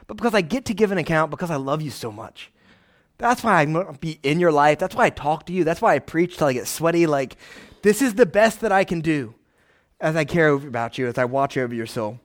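A pastor preaching a casual, animated sermon, often checking in with his listeners. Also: high voice. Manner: conversational, animated, frequent "right?" asides.

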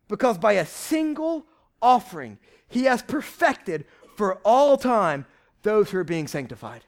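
A young man preaching a lively, conversational sermon from a church stage, shouting at times for emphasis. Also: extremely high pitch, vocal fry. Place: church stage before a congregation.

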